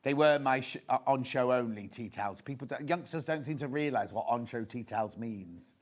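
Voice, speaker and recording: A man's voice: medium pitch, lively intonation, a little fast. A man hosting a live TV shopping show, chatting and gossiping enthusiastically as he shows fabrics. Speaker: shopping channel presenter. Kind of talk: live TV selling chat. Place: TV studio.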